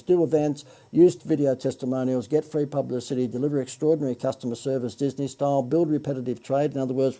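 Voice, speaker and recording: An Australian man hosting a marketing livestream, making a chatty sales pitch with joking asides and frequent self-corrections. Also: mellow. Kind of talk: Facebook Live sales pitch.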